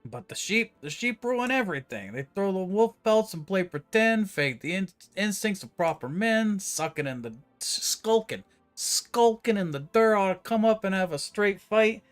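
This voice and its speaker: A predatory brute who thinks people are animals swaggers through his lines in a high, forceful voice, as a man puts him on. His mock accent swings between New York and British, and every word drips with contempt. It is game dialogue read aloud over faint background music. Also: lively intonation, normal speed. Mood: scornful. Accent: mock half New York, half British.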